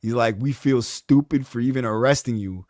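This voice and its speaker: A man, hosting a podcast, telling his own story in a casual, profane, animated way. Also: mid-range voice, normal speed, dry recording, clean studio sound. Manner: animated, profane, rising to heated outbursts. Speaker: podcast host.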